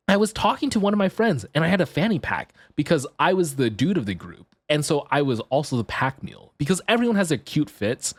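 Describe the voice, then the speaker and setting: A man streaming live, chatting casually and telling a story to his chat, jumping into high excited yelps when he gets worked up. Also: a little fast, few pauses, no room sound. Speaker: VTuber streamer.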